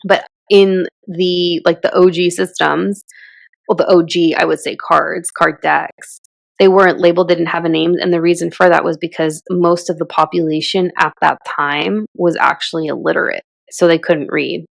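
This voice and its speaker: A woman's voice: on the low side, steady tone, moderate pace, creaky, dry recording. A young woman from Southern California co-hosting a casual podcast, talking in a chatty way with lots of fillers and laughs. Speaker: podcast co-host. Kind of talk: casual chat.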